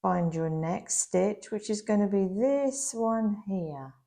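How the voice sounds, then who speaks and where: A woman's voice: mid-range voice, vocal fry, warm tone. A woman giving a patient step-by-step crochet lesson, her voice slightly worn as she is losing it a bit. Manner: slow, patient, instructional. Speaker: crochet instructor. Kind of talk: step-by-step craft tutorial.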